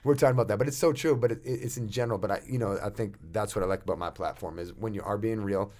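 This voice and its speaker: Guy, slightly low voice, talks very fast, animated storyteller on a podcast. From Boston. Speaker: radio host guest. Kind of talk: casual podcast chat.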